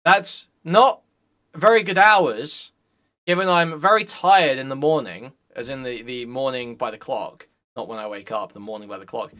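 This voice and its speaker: A man's voice: medium pitch, normal speed, sharp tone. A young man commenting casually on a live stream, blunt and profane, rambling to his chat.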